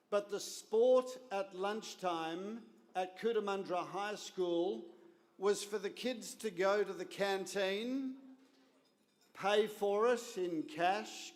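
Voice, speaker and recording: An Australian man in his fifties giving a speech at a gala dinner, telling a story with deliberate, wry comic timing. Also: sits high. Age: 50s. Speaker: guest speaker at a gala dinner. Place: large banquet hall. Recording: reverberant hall.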